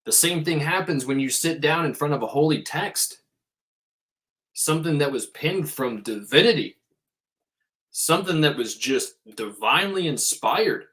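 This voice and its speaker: A man's voice: a little high, animated, a little slow, fairly bright tone. A man hosting a podcast, giving a casual spiritual monologue in an emphatic way and swearing freely.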